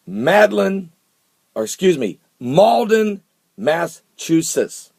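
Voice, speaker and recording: A man's voice: on the high side, gravelly, slightly rough, no room sound. A man talking casually in a video blog, a little tired, chatty and given to repeating himself in disbelief. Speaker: vlogger.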